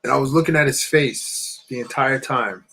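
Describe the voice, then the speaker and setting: A man from New Jersey, a channel co-host, telling a personal story in a halting, repetitive way with many restarts. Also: mid-range voice, vocal fry, pushed and bright, faint music behind, rough recording.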